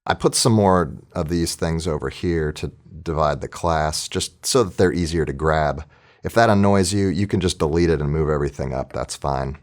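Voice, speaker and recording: A man's voice: very deep voice, moderate pace. A man teaching orchestra planning in a casual, chatty screen-recorded tutorial, thinking aloud as he works.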